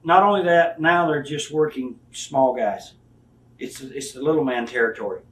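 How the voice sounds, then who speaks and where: A man's voice: mid-range voice, moderate pace, fairly bright tone. A man in his fifties, a retired wrestler giving a candid interview, blunt and profane, acting out the people he talks about. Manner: blunt, profane storytelling, acts out quoted people. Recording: echoey room, mic at a distance, faint hiss.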